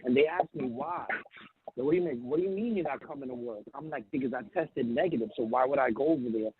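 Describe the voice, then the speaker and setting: A man's voice: medium pitch, fast talker, breathy edge, dry recording. A man calling in while riding a train, talking bluntly and swearing, acting out what others said. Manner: blunt, swearing, tells stories with quoted voices. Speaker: caller. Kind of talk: casual call-in chat. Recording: tinny phone line. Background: train noise.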